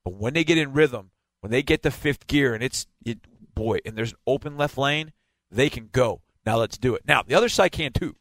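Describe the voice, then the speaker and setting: A man breaks down a football game plan in an emphatic, hammering way, with a middle-pitched voice. He repeats key points to drive them home. His voice is close and dry, with no room sound. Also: animated, moderate pace, a bit bright, no room sound. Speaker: football analyst.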